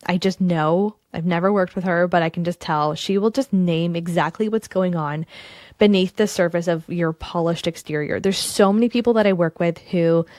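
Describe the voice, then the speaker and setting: A woman's voice: on the low side, normal speed, a little mellow, no room sound, clean studio sound. A woman hosting a podcast, introducing the episode in a chatty, enthusiastic way with casual asides. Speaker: podcast host.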